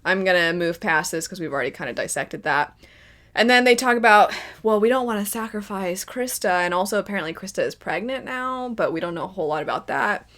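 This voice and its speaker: A woman's voice: on the low side, expressive, quick pace, fairly bright tone. A woman giving casual reaction commentary as a first-time viewer, laughing often and mimicking characters in mock voices.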